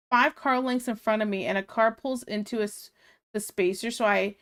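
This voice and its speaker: This woman streamer has a mid-range voice. She chats casually, reads her viewers' comments out loud, and rants with exasperation between frequent laughs.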